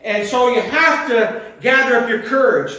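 Older pastor in an echoey church. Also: male voice, very high voice, moderate pace, bright, forceful tone. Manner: folksy, rambling, with chuckles and restarts. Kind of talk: sermon. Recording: echoey church hall, mic at a distance.

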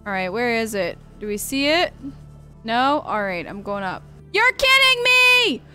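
A young woman streaming a video game, talking to her viewers in excitable commentary, swearing often and shrieking when startled. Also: mid-range voice, moderate pace, soft background music. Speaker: gaming streamer.

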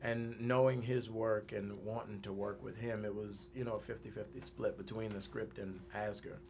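A man's voice: fairly low pitch, level tone, normal speed, vocal fry, a little mellow, slight background noise. A man speaks as an actor in a studio interview. His casual, self-assured manner leaves room for plenty of jokes. The conversation is easygoing, as if he is talking with friends. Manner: laid-back, joking, self-assured. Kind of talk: casual press junket chat.

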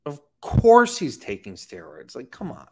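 A man's voice: on the high side, huge pitch swings, a little slow, gravelly, darkish tone. A man giving casual fitness commentary from home, blunt and profane, breaking into sarcastic mocking asides. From Florida. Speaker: fitness coach. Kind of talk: casual talking-head commentary.

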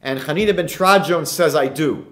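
A man's voice: a little high, moderate pace, a bit bright. A man, a rabbi giving a lecture, retelling Talmud stories and asking emphatic rhetorical questions. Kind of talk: recorded lecture.

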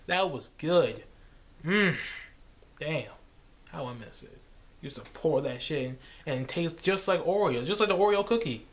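A young man vlogging in a casual rambling monologue, animated, slipping into silly voices and laughing. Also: a little high, a little slow, pauses often.

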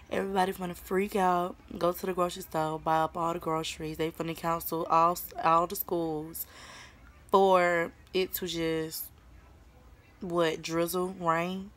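A woman's voice: lowish voice, fairly even intonation, a little slow. Chatty teenage girl from Atlanta. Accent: Southern US, Atlanta. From Atlanta, Georgia. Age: teens. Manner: chatty, informal slang, says "y'all" a lot. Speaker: vlogger. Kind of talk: casual vlog chat. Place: at home indoors. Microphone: phone camera held close.

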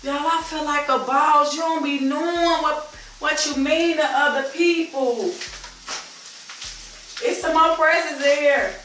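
A woman's voice: high-pitched, steady tone, measured pace, fairly bright tone, far from the mic, soft background music. A woman in her fifties with a Chicago accent, chatting effusively to camera as a vlogger and calling her viewers y'all. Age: 50s. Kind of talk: casual chat to camera. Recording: echoey room, voice from off-mic.

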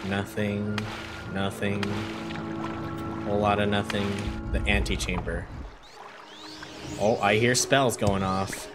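A man streaming a game, rambling and reacting loudly to surprises in casual commentary. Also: on the low side, little pitch movement, takes it slowly, long pauses. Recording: game music behind voice.

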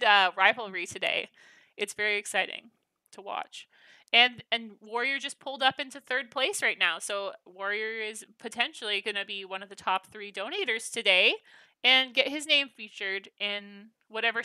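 Bright and pushed, her slightly high voice carries no echo as she runs a gaming stream. She's bubbly and chatty, casually talking with viewers and responding to their messages.

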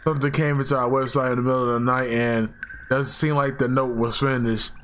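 A young man with a hoarse, worn-out voice playing a horror game, loud and excitable, swearing and screaming at jump scares. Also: medium pitch, fairly quick, slight background noise. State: hoarse, losing his voice. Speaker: gaming YouTuber. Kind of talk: horror game let's play commentary.

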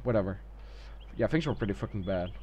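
Irreverent, profane gamer commenting on play. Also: male voice, on the low side, animated, quick pace, dark tone, slight background noise. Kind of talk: casual gameplay commentary.

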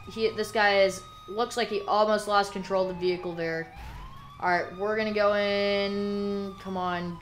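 A woman talks through her police role-play gameplay in an easygoing, chatty way, at a middle pitch for a woman. Now and then she snaps into loud, clipped officer commands at suspects. Faint background noise sits under her voice. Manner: relaxed chatty narration that breaks into barked police commands.

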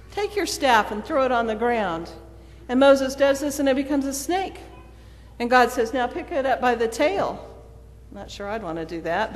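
A woman preacher delivering a sermon in a storytelling manner, acting out the quoted dialogue. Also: high-pitched. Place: church sanctuary. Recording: long church reverb.

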